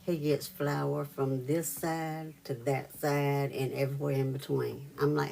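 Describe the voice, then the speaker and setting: Low gravelly woman chatting with viewers. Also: level tone, measured pace, warm tone. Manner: chatty, laughs often, greets viewers by name. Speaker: reiki live stream host. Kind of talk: casual storytelling chat with live viewers.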